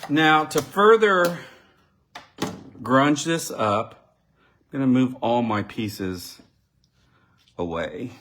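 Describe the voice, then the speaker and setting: A man's voice: mid-range voice, expressive, drawn-out words, pauses often, a bit bright. A man giving a live card-making demonstration, chatting and thinking aloud as he works and talking directly to his viewers. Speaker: crafting demonstrator.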